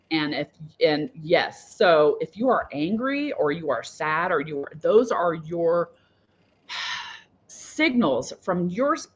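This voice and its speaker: A woman guest healer talking casually about emotions in an animated way, laughing between points and swinging between soft and loud. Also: medium pitch. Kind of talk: casual spiritual talk. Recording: dull lo-fi sound.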